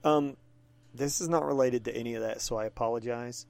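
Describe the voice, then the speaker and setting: A man co-hosting a podcast, telling an animated, profane story in casual chat. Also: medium pitch, a little fast, vocal fry. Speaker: podcast co-host.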